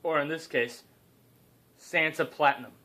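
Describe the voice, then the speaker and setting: A man's voice: a little high, fairly even intonation, a little slow, bright, forceful tone. A young man improvising a comedic story, rambling and cutting in with joking asides.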